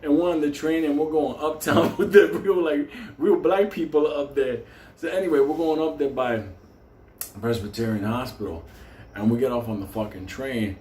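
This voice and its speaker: A man's voice: on the high side, normal speed, a little mellow. A man from New York telling a story casually, swearing constantly and laughing through his words. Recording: roomy echo, faint hum.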